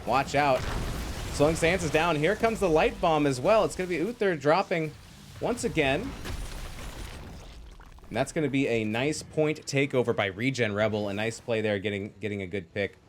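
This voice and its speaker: A man casting a live esports match with energetic play-by-play, calling out fights and thanking viewers. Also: medium pitch, normal speed, a little hiss or hum. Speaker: esports caster.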